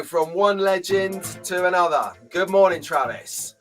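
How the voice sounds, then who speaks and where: A man's voice: sits high, unhurried, a bit bright, faint music behind. A man hosting a casual live stream from a small home room, chatty and jokey, greeting viewers by name. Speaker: host.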